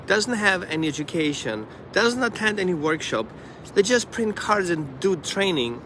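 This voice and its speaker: A man who trains dogs, talking casually on a live stream and acting out the dog and the owners in quick asides. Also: sits high, lively intonation, bright, forceful tone, a little hiss or hum.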